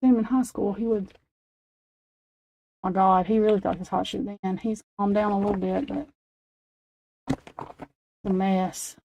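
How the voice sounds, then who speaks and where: A woman's voice: mid-range voice, steady tone, measured pace, pauses often, mellow, lo-fi sound, slight background noise. A woman in her forties chatting casually on a late-night stream, telling rambling, profane stories and laughing often. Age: 40s. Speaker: livestream host.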